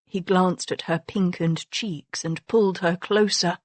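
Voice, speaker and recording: A woman narrating an audiobook novel in a measured, even storytelling manner. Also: on the low side, dry recording. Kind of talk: scripted narration.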